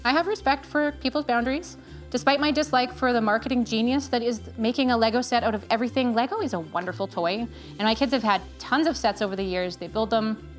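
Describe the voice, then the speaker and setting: Chatty mom reviewing kids' gifts. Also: female voice, on the high side, fast. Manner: chatty, earnest, candid. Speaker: parent vlogger recommending gifts. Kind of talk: casual review vlog. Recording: faint music behind.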